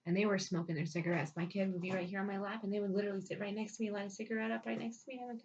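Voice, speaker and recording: A woman's voice: mid-range voice, flat delivery, rapid-fire, few pauses, darkish tone, slight background noise. A woman telling a personal story bluntly and with heavy swearing, sounding frustrated. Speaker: vlogger telling her life story. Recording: dull lo-fi sound.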